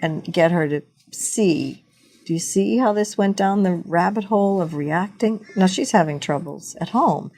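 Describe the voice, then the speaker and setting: A woman's voice: lowish voice, measured pace, mellow. A woman who is a farmer and intuitive guide, speaking in an earnest, storytelling way as the guest in a casual interview. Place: farm.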